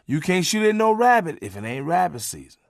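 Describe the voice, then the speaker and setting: A man's voice: sits high, big pitch swings, brisk, creaky, dry recording, studio quality. A man telling comic stories from his life in a casual, profane style, tagging sentences with "man". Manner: casual, street-talk, punctuated by "man". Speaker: comedian reading his memoir.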